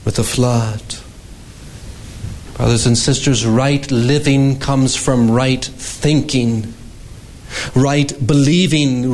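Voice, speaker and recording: A man preaches from the pulpit at a slow, deliberate pace. His middle-pitched voice stays measured, then climbs high and urgent when he quotes scripture. Every phrase is weighted and emphatic. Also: a little mellow, a little hiss or hum, poor audio. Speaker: pastor. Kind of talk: sermon.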